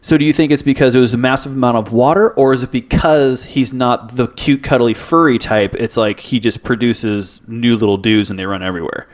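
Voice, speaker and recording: A man's voice: medium pitch, fairly even intonation, fairly quick, hardly any pauses. A man co-hosting a casual movie podcast, asking questions in a hesitant, filler-heavy way. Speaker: podcast co-host. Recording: dull lo-fi podcast audio.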